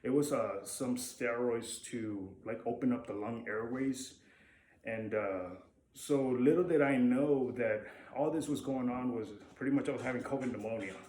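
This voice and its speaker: A man's voice: mid-range voice, moderate pace, a little mellow. Man from mexico, young adult, candid rambling storyteller, swears, roomy echo, faint background hum. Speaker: vlogger. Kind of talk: casual storytelling to camera. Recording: echoey room with faint ambience.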